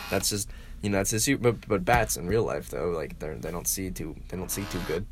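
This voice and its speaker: A man's voice: sits low, normal speed, a little hiss or hum. A man in casual comedic chat, playful and riffing, often laughing.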